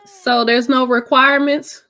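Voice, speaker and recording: A woman's voice: high voice, little pitch movement, unhurried, sharp tone. A woman co-hosting a reaction show, sassy and mocking as she roasts a caller. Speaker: co-host reacting to clips. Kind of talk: casual reaction commentary.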